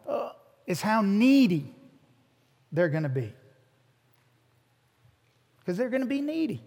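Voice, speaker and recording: A pastor with a high-sitting, darkish voice preaches a sermon earnestly, repeating his words as he builds each point. The recording has a long hall reverb.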